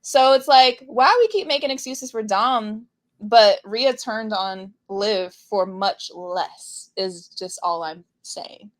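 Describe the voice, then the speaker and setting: Woman, podcast co-host, casual wrestling chat, animated, laughs a lot, mid-range voice. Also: mid-range voice, slow. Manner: animated, laughs often, trails off and restarts.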